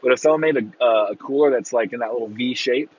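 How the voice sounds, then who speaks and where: A man ranting casually on a podcast, swearing freely and breaking into loud mocking impressions of fans. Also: mid-range voice, quick pace, husky, dull audio. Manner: profane, exasperated ranting with mocking shouted impressions. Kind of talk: casual rant.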